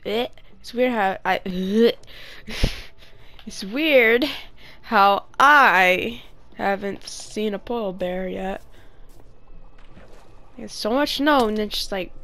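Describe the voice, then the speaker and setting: A woman's voice: medium pitch, slow, long pauses, pushed and bright, a little hiss or hum. A woman giving casual, playful gameplay commentary, chatting and sometimes muttering or whispering to herself. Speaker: gaming video creator.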